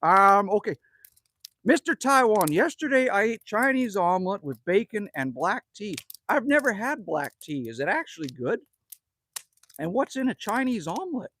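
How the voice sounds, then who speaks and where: A livestream host from Manitoba, Canada, chats casually from a cabin with a wood stove, rambling, joking and reading messages from chat aloud. His high-pitched, fairly bright voice is very animated, though he speaks at a normal speed.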